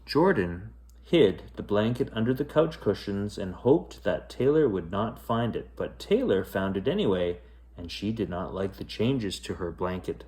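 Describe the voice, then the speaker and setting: A man's voice: fairly low pitch, unhurried. A man reading a children's picture book aloud as a bedtime story. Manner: expressive, lilting.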